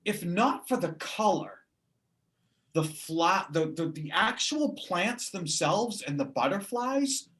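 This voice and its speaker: A game master narrating a tabletop game and describing the scene plainly. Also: medium pitch.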